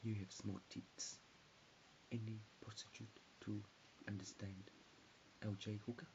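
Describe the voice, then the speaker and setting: A man in his forties rambles in a disjointed stream of consciousness, frequently dropping into whispers. His low-leaning voice is flat and unhurried, captured in a dull, hissy lo-fi recording.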